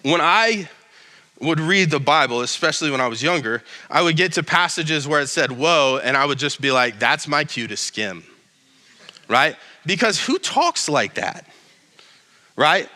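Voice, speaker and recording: A man's voice: on the high side, big pitch swings, moderate pace, sharp tone, in a large hall. A male pastor giving a casual, joking sermon with many restarts and reading scripture aloud.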